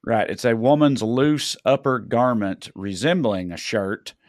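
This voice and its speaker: A man's voice: mid-range voice, animated, measured pace, darkish tone, no room sound, studio quality. A man co-hosting a podcast in loose casual chat, rambling and correcting himself with a wry tone. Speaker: podcast co-host.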